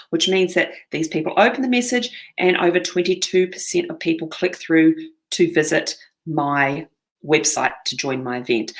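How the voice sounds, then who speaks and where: A woman's voice: on the low side, creaky. Upbeat New Zealand woman presenting a webinar. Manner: upbeat, addresses viewers directly, frequent "okay?" check-ins. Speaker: seminar presenter.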